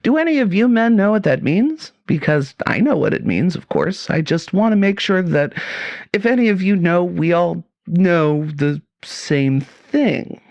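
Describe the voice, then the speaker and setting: A woman's voice: on the low side, lively intonation, a little slow, darkish tone, no echo, highs cut off, voice pushed up. A woman voicing a nervous male army lieutenant who rambles uneasily.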